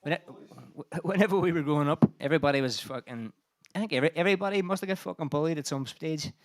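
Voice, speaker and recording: A man's voice: a little high, fast. Breathless, swearing man on a gig stage. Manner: sweary, self-mocking jokes. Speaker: band frontman. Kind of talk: between-song banter at a live gig. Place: live music venue streamed online. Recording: live gig with band music behind.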